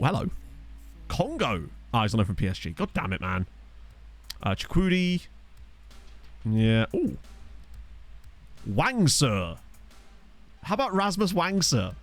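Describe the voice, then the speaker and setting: A young man giving casual, joking commentary over a football management game, reacting with quick exclamations. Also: fairly low pitch, big pitch swings, faint music behind. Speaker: gaming video host. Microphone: desk USB microphone.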